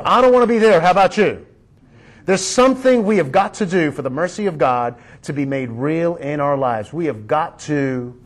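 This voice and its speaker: A man pastor preaching a sermon, emphatic and drawing his congregation into call-and-response. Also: mid-range voice.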